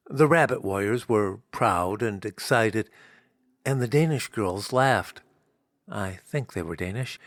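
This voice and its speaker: An American man narrating his own story in the first person, wry and self-mocking, in a slow, unhurried telling. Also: medium pitch, no echo, clean studio sound. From United States.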